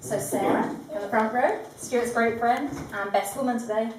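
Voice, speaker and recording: A woman leads a wedding ceremony in a composed, gently humorous address. Her voice sits a touch high. She is caught from a distance, with heavy room echo and a faint background hiss. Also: normal speed. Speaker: wedding celebrant. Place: large echoing room at a ceremony. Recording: echoey room from far off.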